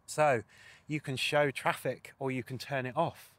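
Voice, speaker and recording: A man's voice: medium pitch, fairly even intonation, unhurried, a bit bright, dry recording. A man presenting a casual walkthrough of a motorcycle sat nav, chatty with wry asides.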